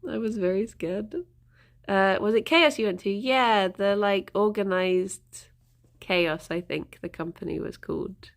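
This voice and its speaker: A woman's voice: medium pitch, measured pace, creaky. A woman hosting a casual livestream, chatting to viewers and cooing to her pets with frequent giggles. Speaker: livestream host.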